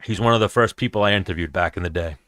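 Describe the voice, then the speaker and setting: Low, smooth-voiced man in casual commentary. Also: rapid-fire, a bit bright, dry recording. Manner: profane, storytelling. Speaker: show host.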